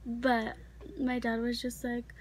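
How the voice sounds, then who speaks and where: A teenage girl tells a story in a casual, rambling way, her voice sitting high. She talks in a chatty rush, packed with fillers. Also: completely flat delivery, slow. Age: teens. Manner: chatty, filler-heavy, many likes. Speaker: vlogger.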